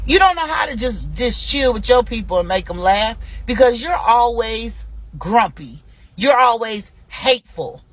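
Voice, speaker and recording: A woman hosting a livestream, delivering a heated, profanity-laced rant that swings between shouting and mocking asides. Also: on the high side, lively intonation, unhurried, no room sound. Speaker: livestream host.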